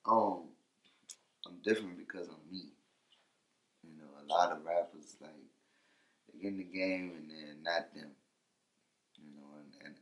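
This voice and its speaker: A deep-voiced rapper talks casually in an interview, loose and laid-back, leaning on "you know" and "for real." He gets loud when he's fired up, and the sound is roomy.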